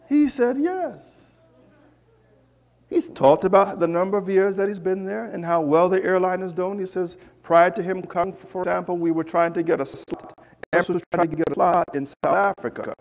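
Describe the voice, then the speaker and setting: A man preaching in a church, telling a lively personal story with asides to the congregation. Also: sits high, brisk, gravelly. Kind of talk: storytelling sermon.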